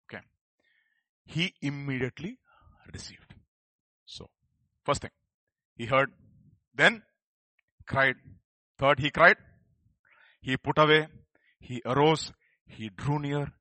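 A man preaching a sermon, swinging between loud emphatic calls and quiet asides and prompting the congregation to respond. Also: on the high side, lively intonation, moderate pace, pauses often, no echo, poor audio. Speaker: pastor. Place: church service.

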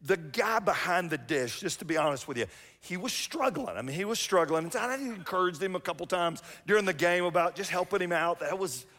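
Middle-aged pastor, higher voice. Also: male voice, lively intonation, brisk, fairly bright tone. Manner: chatty, self-mocking storytelling. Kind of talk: sermon. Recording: long reverb of a church hall.

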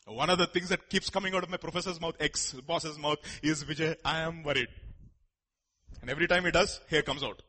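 Male preacher, bright and breathy tone, emphatic sermon style with rhetorical asides. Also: on the high side, quick pace, few pauses. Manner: joking with the congregation.

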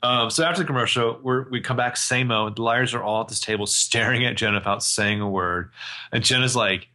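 A man co-hosting a podcast, casually recapping a TV episode and acting out the characters' lines in a lively, storytelling way. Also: mid-range voice, fast talker. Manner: animated storyteller, acts out quotes, swears casually. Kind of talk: casual chat.

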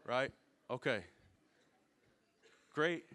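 A man of medium pitch preaches a sermon in a relaxed, conversational way. He explains things patiently and keeps checking in with the congregation, asking them questions as he goes. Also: drawn-out words. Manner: casual, explanatory, asks the audience questions.

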